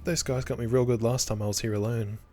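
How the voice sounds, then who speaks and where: A man's voice: medium pitch, fairly even intonation, fast, mellow, soft background music, close to an everyday voice. A man voicing a wry, laid-back young woman who hunts ghosts and jokes about the dead. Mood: teasing. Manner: teasing, joking.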